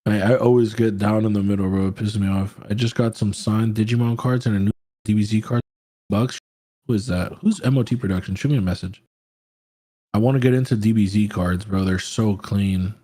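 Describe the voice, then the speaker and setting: A man's voice: lowish voice, fairly even intonation, brisk, warm tone, no room sound. A man hosting a trading livestream, chatting casually and answering viewer questions in a laid-back, slangy, profane way.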